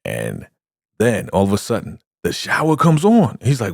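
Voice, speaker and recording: With a lowish voice and a slightly fast pace, a TV recap vlogger speaks into a studio podcast microphone, animatedly walking through an episode's scenes and acting them out in a casual way. The sound is clean and studio-grade, with no room sound at all.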